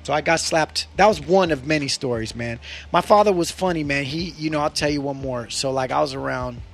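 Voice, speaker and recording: A man co-hosting a podcast, telling stories in casual chat, animated and swearing freely. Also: fairly high pitch, brisk, vocal fry, faint music behind. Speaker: podcast co-host.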